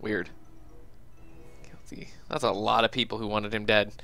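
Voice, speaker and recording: A man's voice: lowish voice, completely flat delivery, unhurried, gravelly, pushed and bright. A man playing along as co-player, talking casually and laughing often. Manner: laid-back, laughs a lot. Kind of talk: casual let's-play chat.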